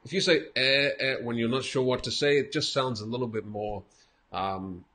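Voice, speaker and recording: A man teaching English in a relaxed, patient way. He breaks phrases down, repeats them and chuckles lightly between points. His voice sits in a plain middle range. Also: mid-range voice, slight background noise. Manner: patient, explains slowly with repeated examples and light laughs. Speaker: English teacher giving feedback. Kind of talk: casual spoken lesson.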